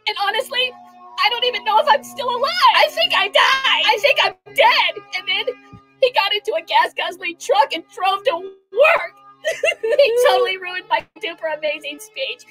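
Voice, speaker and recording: A woman's voice: extremely high pitch, animated, moderate pace, bright, forceful tone, soft background music, exaggerated voice, rough recording. A woman playing an airheaded young woman politician who tells a wildly exaggerated story, full of valley-girl fillers. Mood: melodramatic. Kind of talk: comic satirical monologue.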